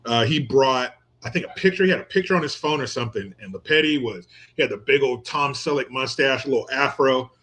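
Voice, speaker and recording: A man riffing in casual commentary, crude and joking, often breaking into laughter. His voice sits at an ordinary middle pitch, and he keeps drifting off into long, meandering stories. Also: lively intonation, fairly quick, a bit bright. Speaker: commentator reacting to a viral clip.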